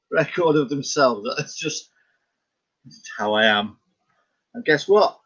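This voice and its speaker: Middle-aged Scottish artist vlogger, husky, muffled lo-fi sound, chatty and self-amused. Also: male voice, fairly high pitch, lively intonation, takes it slowly, a bit bright. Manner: rambling, chuckling, talks to himself. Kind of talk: casual chat about his paintings.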